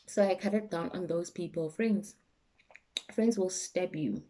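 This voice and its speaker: A young South African woman with a South African accent, talking candidly and emotionally to her vlog viewers, sometimes dropping to a soft, low voice. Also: measured pace, noisy background. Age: young adult. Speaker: YouTuber. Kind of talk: personal vlog chat.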